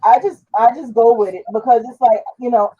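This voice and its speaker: A woman's voice: on the high side, steady tone, brisk, warm tone, slightly rough, dull audio. A woman talking on a panel show in casual conversation, trailing off and restarting now and then.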